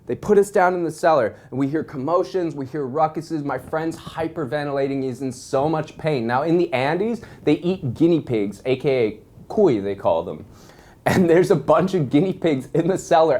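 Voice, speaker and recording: A young man telling a wild story in a casual, animated way, swearing constantly. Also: medium pitch.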